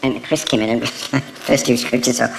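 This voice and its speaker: Gravelly man recalling in an interview. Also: medium pitch, fairly even intonation, very noisy. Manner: halting, stammering restarts. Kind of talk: anecdotal interview.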